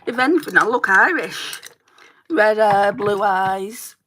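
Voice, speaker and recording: A woman's voice: medium pitch, expressive, takes it slowly, pushed and bright. A woman from England with a Northwest English accent, chatting on a beauty livestream while doing her makeup and answering viewers' comments. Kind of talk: chatty get-ready-with-me livestream.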